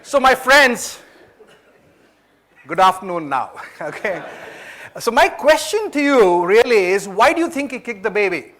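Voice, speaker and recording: Sing-song, bright and forceful, the high voice of an Indian man with an Indian English accent drives a motivational talk at a management training event. He recounts his story casually, filling pauses and quickly checking in with listeners by asking questions.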